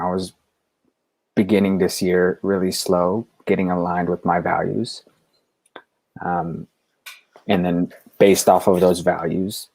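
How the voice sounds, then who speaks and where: A man co-hosting a casual live-stream chat, relaxed and halting, laughing often and filling pauses with ums. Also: low-pitched. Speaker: coach and co-host.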